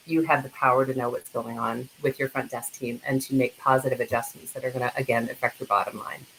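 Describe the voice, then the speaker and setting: A woman presenting in a webinar, earnest and a little halting, sometimes acting out phone scripts. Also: extremely low pitch, a little hiss or hum, low-quality recording. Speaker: dental practice consultant speaker.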